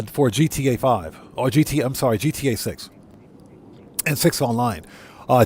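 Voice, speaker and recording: A man's voice: mid-range voice, darkish tone. A man streaming a video game live, chatting casually with viewers in a rambling, easygoing way, often correcting himself. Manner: rambling, easygoing, many fillers and self-corrections. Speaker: GTA streamer and content creator. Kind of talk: live gameplay commentary, reading chat.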